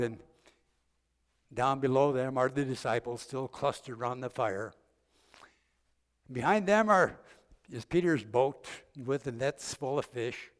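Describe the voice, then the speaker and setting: Older guy preacher telling a story in church, big hall echo, gentle. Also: mid-range voice. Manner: gentle, vivid retelling with voiced quotes. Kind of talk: storytelling sermon. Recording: long hall reverb.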